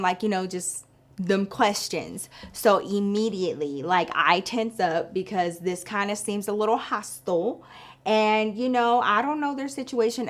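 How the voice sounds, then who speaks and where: A woman telling a story to her viewers in a chatty, animated way, full of likes and you-knows. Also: mid-range voice. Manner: chatty, animated, addresses viewers as girl and y'all. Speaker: storytelling vlogger. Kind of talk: casual storytime.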